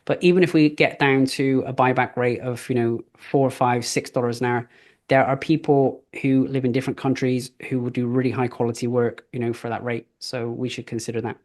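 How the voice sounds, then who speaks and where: A middle-aged man runs a live business coaching session, chatty and casual, telling stories padded with fillers. His mid-range, darkish voice is brisk with little pitch movement, in the style of a live training talk.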